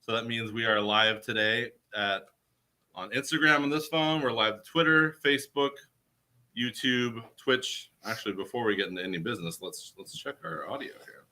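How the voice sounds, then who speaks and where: A man co-hosts a casual live stream from a comic book store, trading teasing jokes with the host. His voice is bright and lively in tone. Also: mid-range voice, normal speed. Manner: teasing, joking banter.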